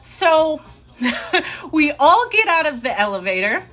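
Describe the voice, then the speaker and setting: Bright, chatty young woman storyteller. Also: high-pitched, slow. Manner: chatty, animated, breaks into laughs. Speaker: storyteller on a live stream. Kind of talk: casual storytelling to a live audience.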